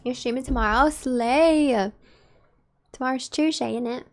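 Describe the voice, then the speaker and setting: A woman's voice: medium pitch, unhurried, faint music behind. A woman streaming a game and chatting casually with her viewers, musing aloud. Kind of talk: casual gameplay commentary.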